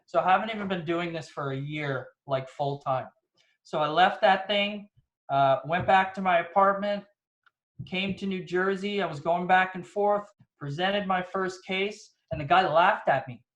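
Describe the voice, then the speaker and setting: Brief: man with a high voice, lively motivational storyteller on a video call, echoey room. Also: a little slow, highs cut off. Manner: energetic, storytelling, rhetorical questions. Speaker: insurance agent guest speaker.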